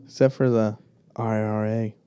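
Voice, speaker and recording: A young man with a Southern US accent chats casually with a friend in an unhurried drawl. His voice is mellow and warm, and the sound is dry and close to the mic. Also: lowish voice, little pitch movement, smooth, dry recording. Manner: laid-back, drawling, puts on a jokey Irish accent at times. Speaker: podcast co-host. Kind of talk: casual chat.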